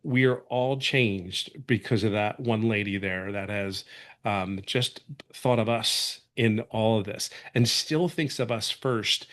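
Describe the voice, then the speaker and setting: A man's voice: mid-range voice, fairly bright tone. A man from California giving an earnest, rambling testimonial as a webinar guest, full of restarts.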